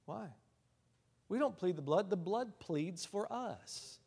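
A man preaching a sermon who swings between hushed asides and loud emphatic declarations, calling out hallelujah and amen between points. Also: high voice, expressive, takes it slowly, vocal fry, breathy edge. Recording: long reverb of a large hall.

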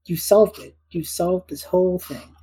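A woman co-hosts a relaxed gaming podcast, reading out listener questions and joking as she rambles. Her voice is very husky and breathy, with a mellow, dark tone, pitched a little low. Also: takes it slowly, rough recording. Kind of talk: casual chat.

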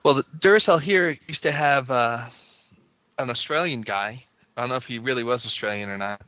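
Chatty podcast host man, bright voice. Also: medium pitch, brisk, no echo. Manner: chatty, rambling, laughs often. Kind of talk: casual chat.

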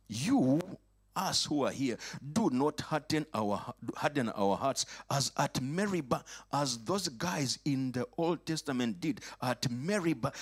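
A man delivers a fervent sermon in a slightly husky voice. His pitch leaps and dips constantly, and he swings between hushed asides and ringing, raised declarations as he calls on the congregation to answer back. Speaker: preacher. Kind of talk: lively sermon. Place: church or worship hall.

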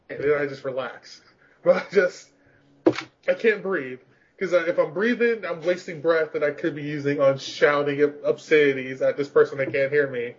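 A man's voice: fairly high pitch, moderate pace. A man in a casual podcast chat who rambles through self-mocking stories and laughs often. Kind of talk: casual storytelling chat about gaming rage. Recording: dull, slightly lo-fi sound.

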